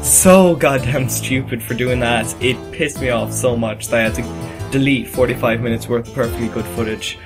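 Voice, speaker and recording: A man hosting a casual let's-play video, chatting freely and swearing as he goes. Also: medium pitch. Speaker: gaming video host. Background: game music.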